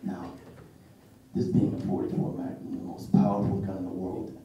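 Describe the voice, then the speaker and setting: A young man on stage doing an impression of a gruff middle-aged male tough-guy cop with a low, menacing drawl. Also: flat delivery, moderate pace, warm tone, lo-fi sound, slight background noise. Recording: echoey auditorium from far, crowd.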